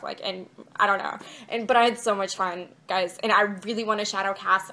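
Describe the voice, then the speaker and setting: A young woman in a casual video diary talks straight to her camera. She rambles from one thing to the next and leans on fillers like "like" and "um", at an ordinary middle pitch. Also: fairly bright tone. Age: young adult. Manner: rambling and chatty, many fillers like "like" and "um". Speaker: vlogger. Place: indoors, outside her bedroom.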